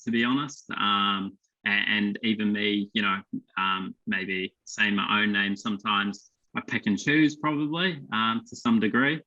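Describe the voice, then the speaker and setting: A male panelist answers modestly, pausing on fillers. His lower voice has a bright, forceful edge, heard through dull, lo-fi call audio.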